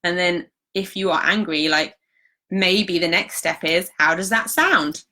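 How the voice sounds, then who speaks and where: A woman talks casually into her live-stream mic, her voice bright and clear. She sounds reassuring and chatty, filling her sentences with "like" as she answers viewers. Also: fairly low pitch, unhurried. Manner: chatty, reassuring, many fillers like "like". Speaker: holistic practitioner hosting a live stream.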